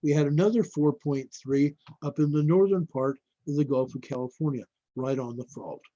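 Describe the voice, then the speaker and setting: A man hosting a casual live stream, talking viewers through earthquake reports in a rambling, unhurried way and calling them folks. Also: a little high, dark tone, no room sound. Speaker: livestream host. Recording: dull lo-fi dry stream audio.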